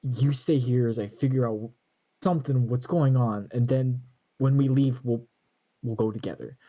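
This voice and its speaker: A man playing a character in a tabletop game, stammering and halting in his speech. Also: medium pitch, mellow. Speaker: player.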